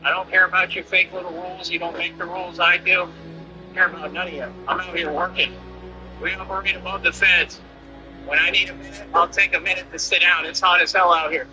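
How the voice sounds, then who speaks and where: A man's voice: high voice, flat delivery, fast, music in the background, rough recording. A man streamer ranting defiantly and boastfully over his gameplay. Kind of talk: livestream rant over gameplay.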